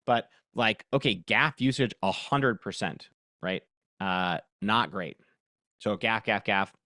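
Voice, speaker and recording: A man presenting a casual live workshop demo. He thinks aloud, gets excitable and laughs often. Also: on the low side, slow, dry recording, clean studio sound.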